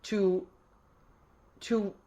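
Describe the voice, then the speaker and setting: A woman's voice: medium pitch, steady tone, drawn-out words, mellow. A woman from Massachusetts hosting a live call-in show, chatty, effusive and affectionate, rambling a little as she goes. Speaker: host.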